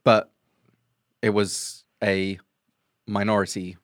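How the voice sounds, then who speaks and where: A man's voice: on the low side, little pitch movement, slow, no room sound, clean studio sound. A man co-hosting a casual podcast, trading wry, teasing asides. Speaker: podcast co-host. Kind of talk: casual banter.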